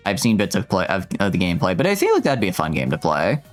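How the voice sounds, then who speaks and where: A man streaming a video game live, joking with his chat in an animated, rambling way and often stammering and restarting his sentences. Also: low-pitched, fast. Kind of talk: live gameplay commentary. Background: faint game music.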